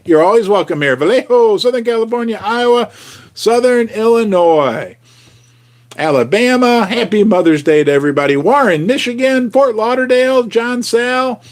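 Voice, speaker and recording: A male host in a loose, jokey livestream chat. His voice sits high for a man and swings widely in pitch, and he stays animated while he riffs on viewer comments. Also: unhurried.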